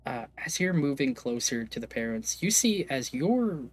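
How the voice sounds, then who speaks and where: Game master, male, casual narrator, fillers and restarts, mid pitch. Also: very animated, normal speed, slightly rough. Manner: hesitant, lots of fillers, casual swearing.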